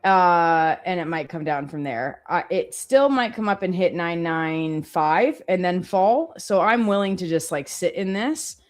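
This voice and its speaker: A woman's voice: lowish voice, unhurried, few pauses. A woman co-hosting a live stream, chatting casually and self-deprecatingly, often quoting her own thoughts. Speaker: co-host trading live. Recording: faint music behind.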